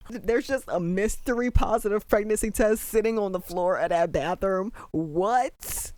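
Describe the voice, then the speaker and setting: A reaction commentator at home at night, talking in animated, disbelieving exclamations while trying to keep the voice down. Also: mid-range voice, unhurried, few pauses, no echo. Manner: holding the voice down at night. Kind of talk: excited first-watch reaction commentary.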